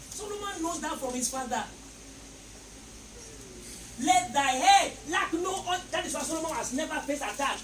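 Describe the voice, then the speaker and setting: Preacher, echoey hall, far mic. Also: male voice, extremely high pitch. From Nigeria. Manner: emphatic, repeating phrases and leading call-and-response. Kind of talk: sermon. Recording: echoey, distant mic, noisy.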